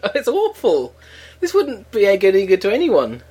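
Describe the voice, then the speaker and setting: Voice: mid-range voice, huge pitch swings, moderate pace, darkish tone, breathy edge. A podcast co-host, chatting casually and playfully with dry jokes and frequent laughs. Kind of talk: casual chat tasting beer.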